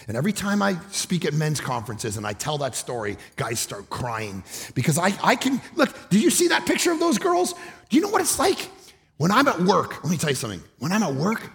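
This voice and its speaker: A middle-aged male pastor preaching a sermon, telling animated stories and often shouting for emphasis. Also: on the high side, brisk, vocal fry. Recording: long hall reverb.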